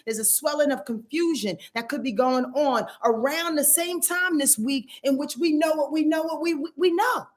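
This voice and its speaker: A woman astrologer giving a weekly forecast in an emphatic, preachy way, swearing freely and asking her listeners if they follow. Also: high-pitched.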